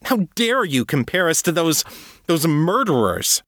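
A man's voice: a little high, sing-song, unhurried, fairly bright tone, no room sound, clean studio sound, pitched above the performer's own voice. A man reading a story, voicing a fierce, defiant female succubus who hisses and rises sharply in anger. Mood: furious. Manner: hissing, heated, rising sharply. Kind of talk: audiobook reading.

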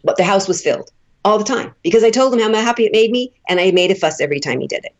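A woman's voice: mid-range voice, quick pace, dull audio. A woman relationship coach, a podcast guest, telling candid, folksy stories and acting out the dialogue. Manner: animated storyteller, acts out dialogue, laughs often; candid, folksy, uses casual swearing. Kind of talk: conversational podcast interview.

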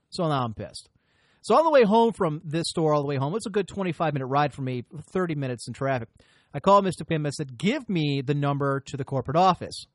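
A man's voice: on the high side, animated, fast, no echo. Rambling, profane man telling a story. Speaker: podcast host. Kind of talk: casual storytelling chat.

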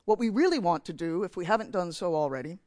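A man's voice: sits high, animated, fast talker, no echo. A man from New Jersey giving a sermon in church, telling a candid, self-mocking story about himself. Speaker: preacher.

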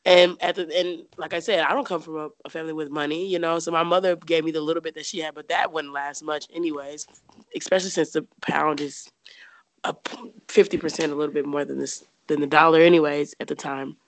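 A woman's voice: low voice, steady tone, a little fast, no room sound. Chatty young woman telling a story. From United States. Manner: chatty, laughs often, many fillers. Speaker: interview guest. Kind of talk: casual personal storytelling.

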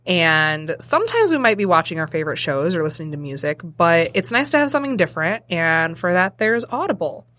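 A woman's voice: lowish voice, very animated, a little fast, hardly any pauses, a bit bright, dry recording. A woman hosting a casual podcast, reading an ad in a chatty, giggly, ad-libbed way. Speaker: podcast host. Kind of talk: casual podcast chat with ad read.

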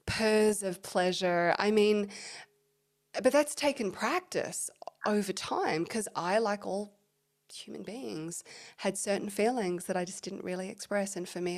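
A medium-pitched woman talks expressively on a podcast, frequently lowering into a soft, breathy delivery. She leads intimacy workshops.

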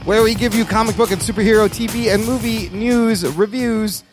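A man's voice: high voice, steady tone, brisk, music in the background. A man hosting a podcast in casual chat, joking around and laughing often. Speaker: podcast host.

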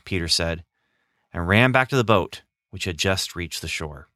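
A man narrating a children's Bible story as a scripted podcast, expressive and slowing down for dramatic moments. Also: sits low, no echo, clean studio sound.

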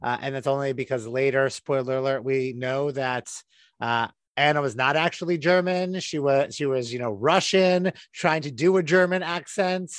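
A man's voice: mid-range voice, moderate pace, no echo. A man co-hosting a casual review chat, giving his opinions in long, flowing runs. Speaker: podcast co-host.

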